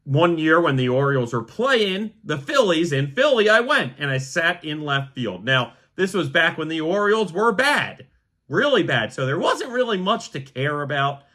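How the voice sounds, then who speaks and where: A man's voice: on the high side, moderate pace. A young man from the Philadelphia area hosting a casual solo sports podcast, telling stories in a chatty way. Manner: chatty storyteller, animated re-enactments. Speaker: podcast host.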